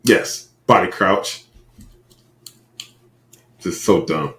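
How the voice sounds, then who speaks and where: A man co-hosting a podcast in casual chat, with profane, animated banter. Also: low voice, drawn-out words, reverberant. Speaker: podcast co-host.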